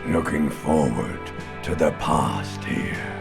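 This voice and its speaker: An actor playing a drunken male detective who sings slow, mournful karaoke in a gravelly voice, heard in a game song over loud music. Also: rumbling low, full character voice. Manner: slow, mournful sung delivery.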